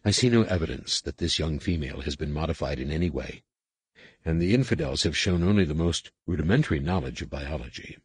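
Cold commanding alien mistress, read by a man, brusque and clipped, very deep, husky, dry close sound. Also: lively intonation, brisk, no room sound, full character voice. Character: stern alien female master scientist, cold, commanding.

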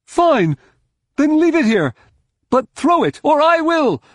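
Man doing a shrill, shouting alien fighter. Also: big pitch swings, takes it slowly, no room sound, heavily acted. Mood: commanding. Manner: shouting in high strained bursts. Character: shrill male alien fighter, bold, scolding. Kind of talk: audiobook character voice.

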